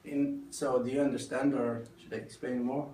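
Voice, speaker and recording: A man's voice: mid-range voice, flat delivery, normal speed, warm tone, slight background noise. A man teaching a short lesson to a class, explaining things in plain words. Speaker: student teacher. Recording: echoey classroom, heard from far off.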